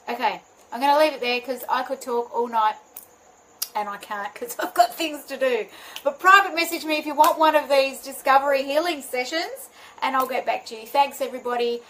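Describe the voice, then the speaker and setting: A bubbly woman who works as a healing mentor, talking live to her viewers. Her voice sits a bit high, and she laughs at her own slips. A faint hiss runs under her speech. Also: fairly bright tone, low-quality recording. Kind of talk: live video chat to viewers.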